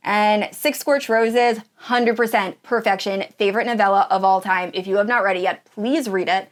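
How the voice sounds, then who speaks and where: A woman chats about books she loves in an easygoing, unscripted way. She gushes with enthusiasm and leans on casual fillers as she goes. Her voice sits at an ordinary pitch for a woman. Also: fairly even intonation, normal speed. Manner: gushing and enthusiastic, with many fillers. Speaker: book reviewer. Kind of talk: casual tier-ranking chat.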